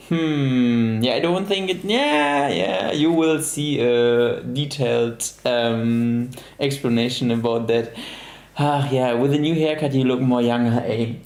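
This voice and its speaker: A relaxed young man talks casually to his stream audience and answers their comments one by one, laughing often. His voice is mellow and warm. The recording is roomy, with a clear echo around him. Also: medium pitch. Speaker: livestream host. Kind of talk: casual chat reading live comments.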